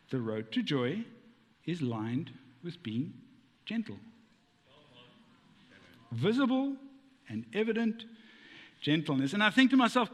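A man preaching with a high, lively voice that leaps around as he talks. He jokes and fires rhetorical questions at the congregation, and his words ring out with a long hall reverb. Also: slow pace, pauses often. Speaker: pastor. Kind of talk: sermon.

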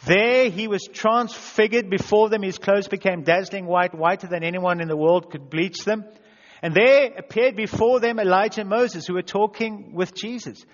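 High-voiced preacher in an echoey hall. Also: male voice, normal speed. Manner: self-deprecating, acts out quotes with voices. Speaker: pastor. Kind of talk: sermon. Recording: dull echoey church hall sound.

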